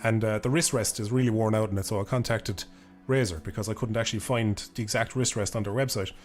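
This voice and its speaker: Rambling Irish man streaming, low voice. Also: fairly even intonation, quick pace, soft background music. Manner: rambling, swears casually, laughs often. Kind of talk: casual live-stream chat. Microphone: desk microphone.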